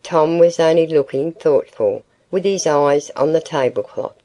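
A woman narrating a classic novel aloud in a measured, even storytelling manner. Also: deep voice, no room sound, rough recording. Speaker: audiobook narrator. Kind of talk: scripted narration.

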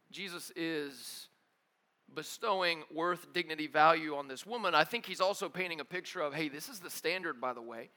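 The speaker, a young adult pastor, keeps his sermon casual and lively with slang like "dude" and "bro." He moves back and forth between forceful, loud moments and low, quiet asides.

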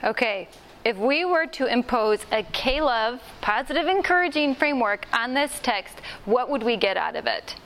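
Woman workshop trainer, slightly high voice, casual teaching tone, plays out quotes for her group. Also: animated, moderate pace, a bit bright, a little hiss or hum. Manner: conversational, acts out quoted lines. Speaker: Bible study trainer. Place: meeting room with a group.

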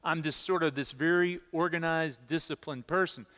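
A middle-aged male pastor preaching a sermon, telling personal stories in an animated way and repeating words as he stresses them. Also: on the high side, normal speed, long reverb tail. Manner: animated storytelling, repeats words when emphasizing.

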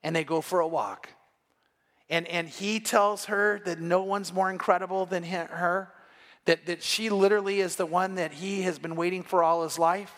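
A man's voice: high-pitched, steady tone, normal speed, a bit bright, long reverb tail. A man preaching an evening sermon, retelling a story and acting out the lines of each person in it. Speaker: pastor.

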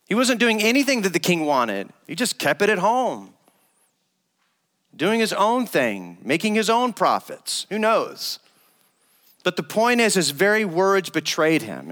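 A man's voice: sits high, fairly bright tone. Male pastor preaching in a reverberant hall. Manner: conversational storytelling, retells a parable in casual everyday phrasing. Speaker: associate pastor. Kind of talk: sermon. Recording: long reverb of a large hall.

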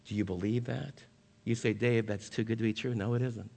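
A man's voice: lowish voice, fairly even intonation, fairly quick, vocal fry, darkish tone, big-room sound. A male pastor preaching a sermon, earnest, reading scripture aloud to his congregation. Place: church sanctuary.

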